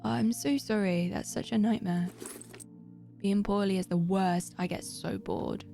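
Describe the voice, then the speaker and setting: Female streamer, chatty and direct with viewers, voice with a fry edge. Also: mid-range voice, lively intonation, unhurried, warm tone, soft background music. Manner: chatty, talks straight to viewers. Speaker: live streamer. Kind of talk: casual gaming stream chat.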